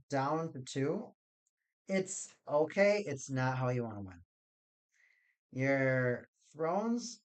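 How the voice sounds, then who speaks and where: A man chatting casually on a live stream while building card game decks, rambling and joking with his chat. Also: medium pitch.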